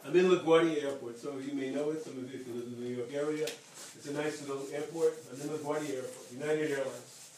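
A man's voice: medium pitch, quick pace, recorded from a distance, a little hiss or hum. Man telling a story in an echoey hall. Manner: lively, repeats phrases for emphasis, acts out dialogue. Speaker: speaker telling a story to an audience. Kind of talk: animated storytelling talk.

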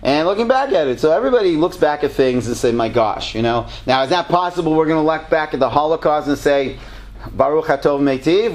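A man's voice: on the high side, lively intonation, fast talker, a little mellow. A man in his sixties, a rabbi answering audience questions in a conversational, joking way, with Hebrew terms mixed in. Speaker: rabbi teaching a class.

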